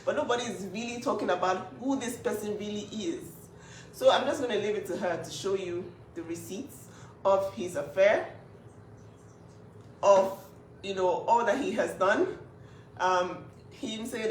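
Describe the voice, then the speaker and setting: In an emotional vlog, a woman with an expressive mid-range voice defends her younger sister at a moderate pace, emphatic and indignant and often repeating herself. The room is echoey, the mic sits at a distance, and there's slight background noise.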